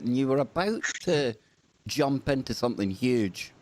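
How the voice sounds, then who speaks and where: A man's voice: mid-range voice, lively intonation, normal speed, darkish tone, a little hiss or hum. A man hosting a podcast in casual chat, joking and making puns, poking fun at his own speaking. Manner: jokey, self-deprecating, punning. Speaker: podcast host.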